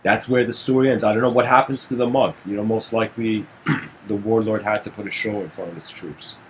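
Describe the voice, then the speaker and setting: A man's voice: fairly low pitch, steady tone, brisk, slight background noise, rough recording. A man giving a casual storytelling lecture, rambling with fillers and asides.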